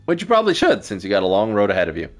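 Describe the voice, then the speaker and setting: A man's voice: on the low side, huge pitch swings, very fast, soft background music. A man voicing a teasing, all-knowing star being with a playful, smug way of talking.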